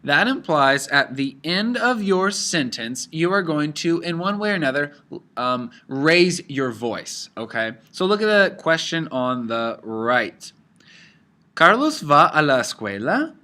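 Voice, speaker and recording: Upbeat, bright-voiced male teacher. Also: on the high side, lively intonation, measured pace. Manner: upbeat, explains patiently, mixes Spanish into English. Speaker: Spanish teacher. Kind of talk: language lesson.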